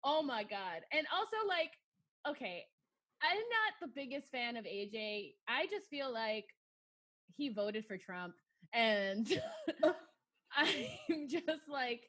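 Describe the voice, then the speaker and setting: A woman's voice: fairly high pitch, expressive, slow pace, fairly bright tone. A woman from Atlanta co-hosting a casual wrestling podcast, blunt and swearing freely, often laughing as she talks. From Atlanta, USA. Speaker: podcast co-host.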